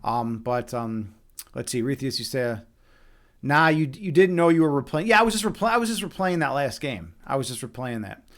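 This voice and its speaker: A man's voice: medium pitch, brisk. A young man from Chicago with a Chicago accent, commentating live on his own chess games and swearing freely as he reads chat. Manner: animated, swearing, talks to chat while playing. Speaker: streamer.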